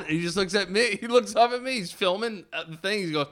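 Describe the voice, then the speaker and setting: A man's voice: high-pitched, fast, few pauses, fairly bright tone. A young man from New York, co-hosting a podcast, telling a story with lots of swearing and laughter. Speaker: podcast co-host. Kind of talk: casual chat.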